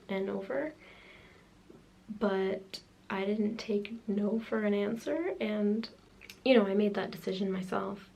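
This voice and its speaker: Gravelly-voiced teen girl vlogging. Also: medium pitch, slow pace, warm tone, slight background noise. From Canada. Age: late teens. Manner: rambling, filler-heavy, frequent "like" and "um". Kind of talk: casual personal video diary.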